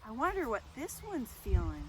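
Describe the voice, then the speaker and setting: High, lively children's librarian woman. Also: moderate pace. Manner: animated, sing-song, talks to kids and goats. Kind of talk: children's lesson with goats. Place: outdoor goat yard. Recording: noisy outdoor goat yard.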